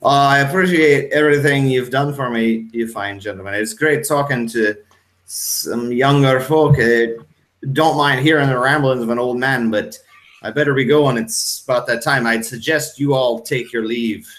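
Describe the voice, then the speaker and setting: A man voicing a very old man in his nineties who speaks slowly, formally and ominously. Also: mid-range voice, fairly bright tone, natural voice.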